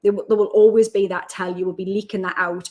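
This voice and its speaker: A woman with a Geordie accent, from Newcastle, chatting as an interview guest and telling lively stories. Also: mid-range voice, fast talker, highs cut off. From Newcastle, North East England. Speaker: guest, self-development coach. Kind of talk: casual interview chat.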